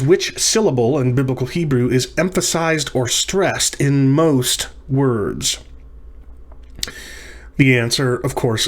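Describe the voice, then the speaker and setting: A man teaching a recorded practice lesson, explaining terms step by step and repeating words with small restarts and fillers. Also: mid-range voice. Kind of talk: recorded lecture practice session.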